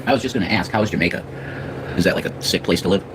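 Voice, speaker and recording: A man's voice: low voice, racing, noisy background. A man from Northeastern Pennsylvania with a Pennsylvanian accent, chatting casually and swearing freely on a livestream. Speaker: co-host.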